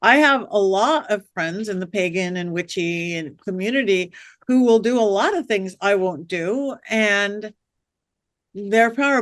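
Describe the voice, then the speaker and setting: A woman guest on an interview podcast, a witch and medium, telling lively stories and acting out the voices of people she quotes. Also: mid-range voice, no room sound, clean studio sound. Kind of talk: storytelling interview chat.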